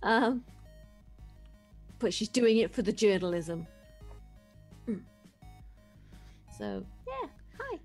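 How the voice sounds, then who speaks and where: A woman player chatting casually and in a relaxed way about her new character. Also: on the high side, slow, pauses often, faint music behind. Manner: relaxed, chatty, with light laughter. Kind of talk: casual chat.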